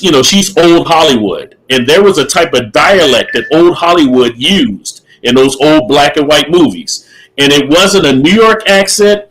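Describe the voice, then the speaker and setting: A man's voice: medium pitch, fairly bright tone, rough recording. A middle-aged man co-hosting a casual podcast chat, opinionated, repeating himself and laughing often. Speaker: podcast co-host.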